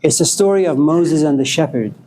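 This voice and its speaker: Guy giving a chatty spiritual talk to a room, bit high voice, soft mellow tone, jokes around. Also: a little fast, a little hiss or hum. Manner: joking, storytelling, conversational. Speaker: spiritual lecturer. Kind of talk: informal lecture with audience questions. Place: lecture room with live audience.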